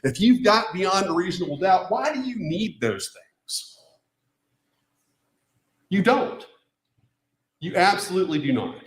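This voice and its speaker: Male defense attorney in a roomy courtroom, fairly high voice that swings wide, emphatic closing argument. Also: big pitch swings, unhurried, pauses often. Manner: emphatic, rhetorical questions to the jury. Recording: echoey courtroom.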